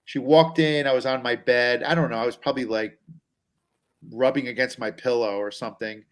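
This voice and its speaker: This man's mid-range voice is steady and a bit quick. As a comedian guest, he rambles through anxious, self-mocking anecdotes about himself in casual comic storytelling.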